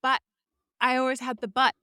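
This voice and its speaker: An English woman in her thirties, a business coach telling her story as a podcast guest in a lively, candid way. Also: sits high, normal speed, clear, resonant tone, no room sound, clean studio sound. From England. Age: 30s. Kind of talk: casual interview chat.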